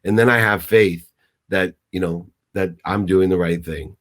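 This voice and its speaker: A man's voice: sits low, fairly even intonation, unhurried, a bit bright. A middle-aged man speaking as a guest mentor, telling stories emphatically with many restarts and sounding choked up. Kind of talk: motivational interview talk.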